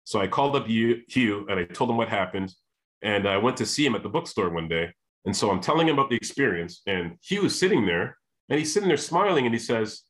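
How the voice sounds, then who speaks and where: A man telling a long personal story, animated, often restarting his sentences and acting out what people said. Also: mid-range voice, fairly quick. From Canada. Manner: animated, repeats and restarts, acts out quoted voices. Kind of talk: storytelling monologue.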